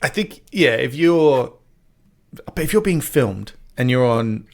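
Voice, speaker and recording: A man's voice: medium pitch, lively intonation, slow pace, vocal fry. A man co-hosting a casual podcast chat, retelling comedy clips and laughing often. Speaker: podcast co-host.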